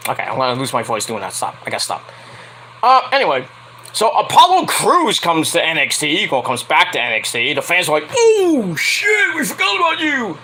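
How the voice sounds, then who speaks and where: A man's voice: fairly high pitch, bright, forceful tone, low-quality recording. A young man reviewing a wrestling show in a rambling, casual way, laughing often and breaking into squealing impressions. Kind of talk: casual solo review vlog.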